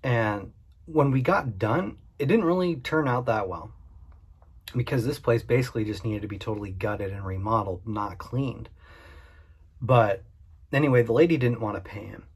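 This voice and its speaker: Candid and conversational, this cleaning-business owner recounts his past work for the camera, filling his speech with fillers. He has a breathy-edged, medium-pitched voice and a moderate pace.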